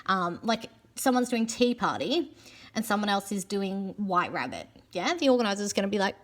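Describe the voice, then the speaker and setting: A young woman giving chatty, casual advice in a vlog, often checking in with "yeah?" and filling pauses with "um". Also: mid-range voice, animated. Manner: chatty, frequent "yeah?" tag questions and ums. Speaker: pole and aerial competition vlogger.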